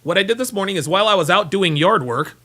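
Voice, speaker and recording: A man's voice: sits high, expressive, quick pace, pushed and bright. A man hosting a casual livestream, reading out viewer messages in a rambling, repetitive way, tired and yawning. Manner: rambling, repeats himself, talks while fumbling for files. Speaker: livestream host reading super chats.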